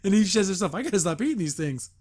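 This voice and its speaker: A man's voice: high-pitched, very animated, racing, darkish tone. Chatty man recapping a cartoon episode. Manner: rambling, lots of "like" fillers; chuckles often while recapping. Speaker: host. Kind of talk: casual episode review.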